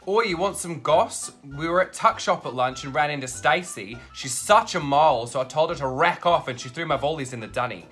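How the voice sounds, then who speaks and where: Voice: mid-range voice, a little fast, few pauses, fairly bright tone, soft background music, close to an everyday voice. A British speaker putting on a broad Australian accent to play a gossiping young person. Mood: cheeky.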